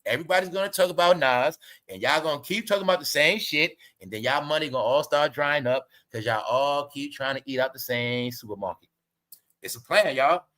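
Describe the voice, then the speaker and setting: A man rants through his online commentary show, high-pitched and bright. He mocks and scolds his audience in heavy slang, swearing as he goes. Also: brisk. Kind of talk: ranting commentary vlog.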